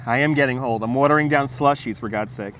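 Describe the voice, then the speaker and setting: A man's voice: mid-range voice, fast talker, fairly bright tone, slight background noise. A man hosting a casual livestream outdoors, rambling, laughing and swearing while he answers his chat. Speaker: livestream host. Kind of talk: casual live-stream chat while walking. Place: outdoors on a city waterfront. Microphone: wireless lapel mic.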